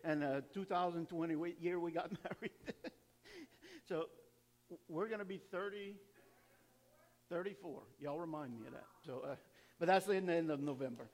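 Chatty pastor with a higher voice. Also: male voice, moderate pace, long pauses, a little mellow. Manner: casual, chatty, laughs easily, restarts. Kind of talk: church announcements and offering. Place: church sanctuary.

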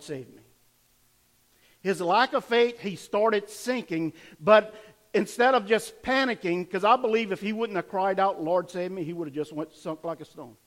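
A man preaching a sermon, retelling scripture dramatically and swinging between loud emphasis and quiet intensity. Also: high-pitched. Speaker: pastor.

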